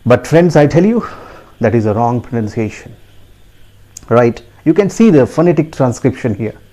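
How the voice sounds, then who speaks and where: A man with an Indian English accent teaching pronunciation in a video lesson, repeating each word deliberately and often asking the listener "right?" with a sharp upward lift. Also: expressive. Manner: repetitive, deliberate, asks the listener with a high rising "right?".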